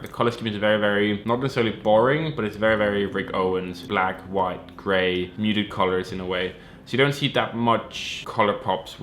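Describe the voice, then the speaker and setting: A man's voice: lowish voice, fairly bright tone, a little hiss or hum. Casual, rambling man in an echoey room. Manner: rambling, repeats words, swears casually. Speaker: fashion YouTuber. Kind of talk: casual chat.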